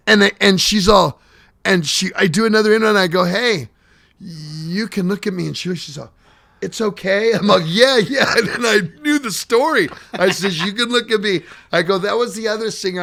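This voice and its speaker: A man's voice: sits high, normal speed, vocal fry, sharp tone. A man hosting a podcast, telling road stories in casual, profane chat. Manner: profane, swears freely. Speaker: podcast host.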